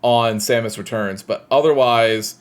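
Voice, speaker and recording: A man's voice: mid-range voice, unhurried. A man in casual podcast chat, retelling a game plot in a rambling way with restarts and fillers. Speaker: podcast co-host.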